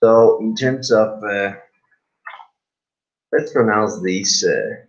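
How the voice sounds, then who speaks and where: A man with a Spanish accent, a native Spanish speaker, teaching English pronunciation to a class in a halting way, with many fillers and repeated words. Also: on the low side. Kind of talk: live class instruction. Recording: dull lo-fi recording.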